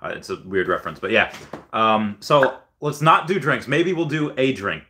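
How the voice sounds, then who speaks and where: Young guy rambling on his stream, bright voice, lots of ums, self-deprecating. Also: medium pitch, sing-song, moderate pace. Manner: rambling, self-deprecating storytelling with frequent fillers. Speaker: livestream host. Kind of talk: casual livestream chat reading viewer comments.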